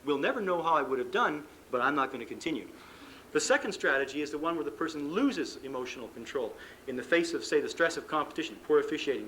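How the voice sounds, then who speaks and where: Male sports psychologist, fairly high voice, conversational seminar talk, acts out dialogue, faint hiss on an old tape. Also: fairly bright tone, poor audio. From Canada. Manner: conversational, acts out coach and athlete dialogue, self-deprecating humor. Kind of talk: live seminar lecture. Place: conference room before an audience.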